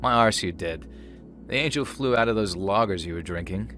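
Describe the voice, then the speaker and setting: A man's voice: fairly low pitch, animated, normal speed, a bit bright, soft background music. A man doing a jeering young drinking buddy. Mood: mocking. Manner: jeering, teasing.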